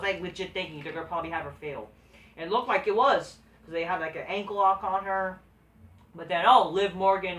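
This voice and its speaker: A woman's voice: on the low side, fairly bright tone. A woman giving a profane, sarcastic rant as a wrestling show reviewer. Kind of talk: ranting video review. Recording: roomy, distant from the mic.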